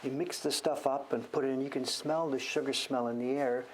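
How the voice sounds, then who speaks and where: A man's voice: mid-range voice, fairly even intonation, a little fast, noisy background. An older man from Canada chatting casually on a livestream, rambling as he works on a carving. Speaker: woodblock printmaker streaming live.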